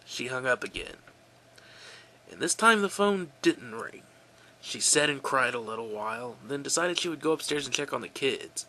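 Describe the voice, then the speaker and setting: A man reading a creepy story aloud in a relaxed, offhand way, correcting his own slips. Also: medium pitch, a little hiss or hum.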